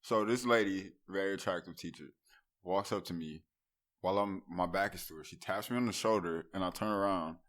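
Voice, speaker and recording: A man's voice: low voice, a little fast, a bit bright. A man co-hosting a podcast, telling a story with lots of laughter and expression. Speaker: podcast co-host. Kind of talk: casual storytelling chat.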